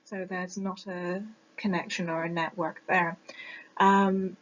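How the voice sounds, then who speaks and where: A woman's voice: lowish voice, flat delivery, takes it slowly. Reflective young woman, dull lo-fi mic. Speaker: recent teaching graduate. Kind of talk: personal video monologue. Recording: dull lo-fi mic that clips on loud moments.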